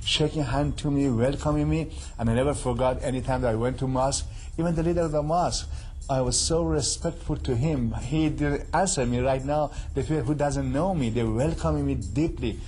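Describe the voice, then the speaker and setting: A man's voice: mid-range voice, fairly quick, darkish tone, slight background noise. Earnest accented man sharing his testimony. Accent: Middle Eastern. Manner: earnest, non-native phrasing, retells dialogue. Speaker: guest giving a testimony. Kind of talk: personal testimony.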